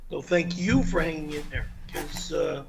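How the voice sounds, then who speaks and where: A man's voice: on the high side, huge pitch swings, normal speed, creaky, a little mellow, slight background noise. A man hosting a casual live stream, rambling and poking fun at himself over a remote call mic. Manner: rambling, self-deprecating. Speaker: host. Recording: muffled lo-fi call audio.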